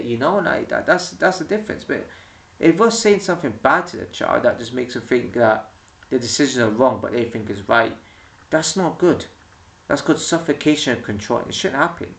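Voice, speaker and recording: Rambling man with a gravelly voice. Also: medium pitch, distant mic. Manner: rambling, with many restarts and quoted voices. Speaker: vlogger. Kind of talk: casual opinion rant to camera. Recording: echoey room, voice a bit off-mic.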